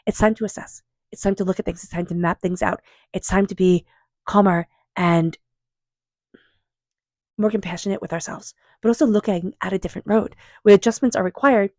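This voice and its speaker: A woman doing a tarot reading, speaking in a calm, unhurried, affirming way and softly repeating invocations. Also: medium pitch, no echo, studio quality. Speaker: tarot reader. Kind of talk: tarot card reading monologue.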